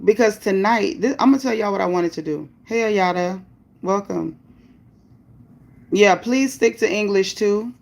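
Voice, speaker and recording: Speaking in a mid-range, darkish voice touched with vocal fry, a woman runs a livestream where she reads comments and bluntly lays out her opinions and chat rules. She welcomes viewers by name and has upbeat bursts.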